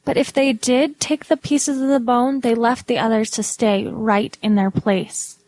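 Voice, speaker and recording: A woman's voice: a little high, little pitch movement, a little slow, a little mellow. A woman hosting a podcast, reading a scripted narration in a reflective, wondering way. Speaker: podcast host.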